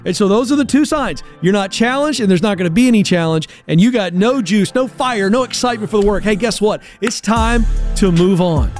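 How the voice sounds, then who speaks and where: A man's voice: sits high, expressive, fairly quick, soft background music. A man hosting a career advice show, talking emphatically and with a coach-like push. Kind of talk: energetic talk-show monologue.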